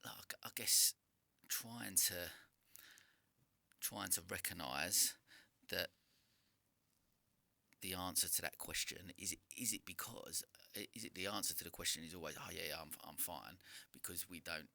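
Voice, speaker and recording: A British man hosting a podcast, asking long, searching questions with halting restarts. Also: deep voice, creaky, pushed and bright, no echo. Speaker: podcast host. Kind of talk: casual podcast interview.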